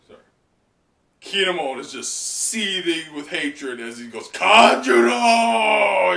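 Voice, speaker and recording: Man, live reaction host, excitable, laughs a lot, echoey room. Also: a little high. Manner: excitable, laughing, swearing, filler-heavy. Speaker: channel host. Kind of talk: live reaction, casual chat. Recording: echoey room, mic at a distance.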